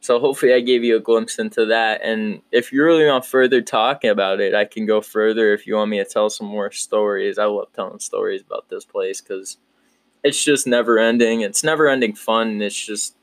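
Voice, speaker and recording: Laid-back young man, low dry voice. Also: fairly even intonation, brisk, dry recording. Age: 20s. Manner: rambling, upbeat, with frequent restarts and laughs. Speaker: podcast host. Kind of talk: casual solo podcast chat.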